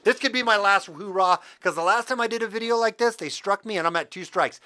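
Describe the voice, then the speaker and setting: A man's voice: high voice, fast, few pauses, pushed and bright, dry recording. A man hosting a livestream, ranting in heated, profane commentary and talking straight to his viewers. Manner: talks to the chat directly. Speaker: livestream host.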